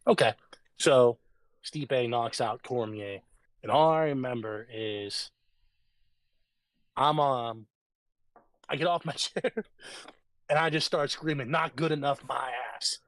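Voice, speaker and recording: A man in casual podcast chat, excitable and animated as he recounts big fight nights. His voice sits in a middle register and sounds dry and close, with little room around it. He gets loud when he gets hyped. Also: medium pitch, slow, pauses often, dry recording. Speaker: podcast co-host.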